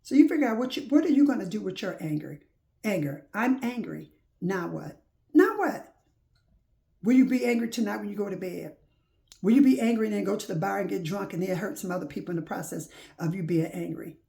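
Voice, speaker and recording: A woman's voice: mid-range voice, fast talker, vocal fry, warm tone. A woman preaching informally to her listeners, urging them on with repeated rhetorical questions and folksy phrasing. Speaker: faith-based motivational speaker.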